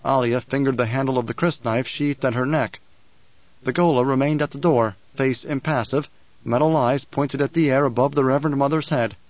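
The clip features a man with a mid-range voice reading a novel for an audiobook, his scripted storytelling steady and measured. It's recorded dry, with a slightly dull tone.

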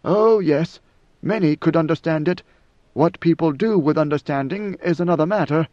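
A man's voice: on the high side, moderate pace, darkish tone, no room sound, lightly acted. A man doing an ancient, solemn god-emperor. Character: ancient godlike male emperor, calm, solemn. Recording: dull lo-fi dry recording.

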